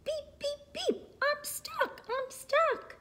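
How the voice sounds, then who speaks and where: A woman's voice: sing-song, drawn-out words, bright, forceful tone, heavily acted. Woman doing Blue, a chirpy little truck. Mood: panicked. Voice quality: high, chirpy beeping. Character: cheerful friendly little male blue truck.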